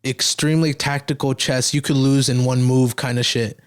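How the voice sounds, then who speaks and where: A man hosting a podcast in casual chat, retelling scenes with excitement and acting out lines. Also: mid-range voice, moderate pace, smooth. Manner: excited storyteller, acts out character lines, swears freely. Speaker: podcast host.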